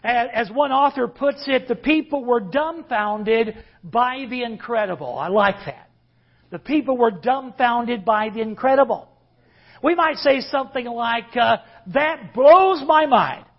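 A man's voice: very high-pitched, unhurried, vocal fry, muffled recording. A man preaching a sermon as pastor, emphatic and leading the congregation in call-and-response.

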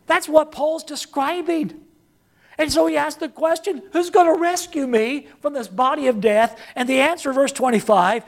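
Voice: sits high, normal speed, creaky. A preacher delivering a sermon, repeating key phrases for emphasis and calling on the congregation to say lines back and answer.

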